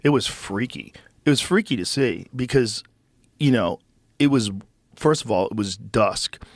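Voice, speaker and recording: A man's voice: mid-range voice, lively intonation, unhurried, no room sound. A man hosting a podcast, telling blunt stories in casual chat with plenty of swearing. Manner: blunt storytelling, frequent swearing. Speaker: podcast host. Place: podcast studio.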